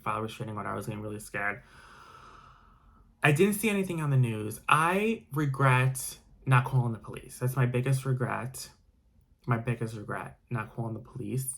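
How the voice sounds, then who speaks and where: Guy rambling through a storytime vlog, lots of ums and restarts. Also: medium pitch. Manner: casual, rambling with many restarts and fillers. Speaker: vlogger.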